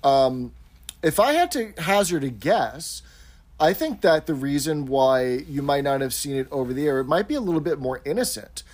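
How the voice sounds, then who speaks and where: A man's voice: on the high side, lively intonation, moderate pace, darkish tone. A man co-hosting a podcast, chatting casually and eagerly retelling scenes. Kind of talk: casual chat.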